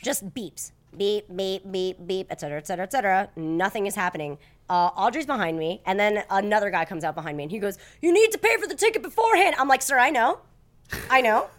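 A young woman co-hosting a casual chat, telling a story with lively acted-out quotes. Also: mid-range voice, quick pace. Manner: animated storytelling, acting out quoted voices. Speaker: podcast co-host.

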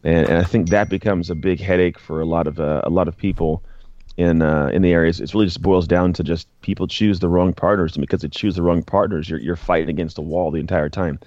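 A man's voice: low voice, steady tone, fast talker, a little mellow, no echo, lo-fi sound. A man guest speaking earnestly in a casual conversation, often repeating words as he thinks. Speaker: guest, former pro football player and author.

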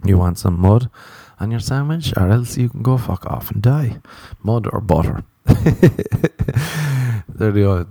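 A man's voice: fairly low pitch, unhurried, vocal fry, warm tone, no echo. A young Irish man in his twenties, rambling through a comedic solo chat, profane and self-mocking, close to the mic. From Ireland. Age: 20s.

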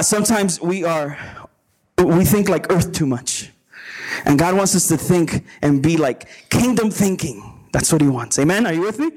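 A man's voice: high voice, poor audio. A man preaching as a pastor at a retreat, often repeating words and asking the crowd to agree with him. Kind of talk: sermon. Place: retreat gathering before a live audience.

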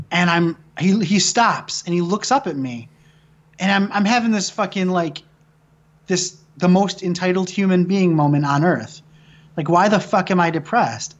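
Through lo-fi sound comes a high male voice belonging to a Michigan filmmaker in his thirties. As a guest in casual conversation, he tells profane, rambling stories and often starts his sentences over.

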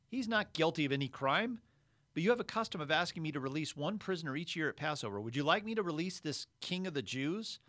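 A man's voice: a little high, expressive, fast talker, fairly bright tone, pitched above the performer's own voice. A man voicing a weary, impatient Roman governor, raising his voice into pressing questions.

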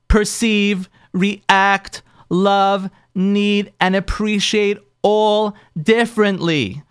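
Man, rabbi telling a marriage story, high voice, lively swooping pitch, dry close sound. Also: no echo. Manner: animated, acts out the couple's lines in quoted voices. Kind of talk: storytelling talk to an audience.

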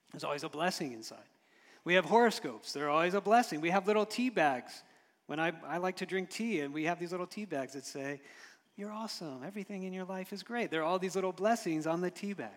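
Man preaching in a reverberant hall. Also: on the high side. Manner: storytelling, rises and drops in loudness, occasional chuckles. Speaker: pastor. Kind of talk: sermon.

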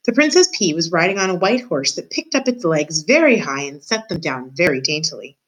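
A woman reading a children's novel aloud, in a steady, expressive storytelling voice. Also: fairly low pitch, fairly quick, low-quality recording. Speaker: reader.

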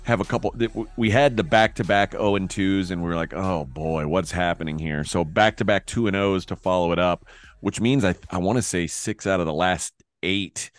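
A man's voice: deep voice, fairly quick, no echo. A man hosting a sports betting podcast, talking in a loose, rambling way and often correcting himself. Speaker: podcast host. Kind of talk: casual sports betting chat.

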